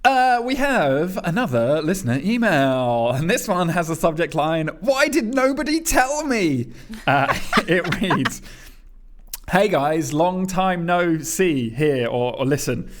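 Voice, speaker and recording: A man co-hosting a podcast, reading listener emails aloud in casual chat, often laughing, with his pitch jumping around. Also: slow. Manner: chatty and laughing, reads emails aloud with lively pitch jumps. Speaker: podcast co-host.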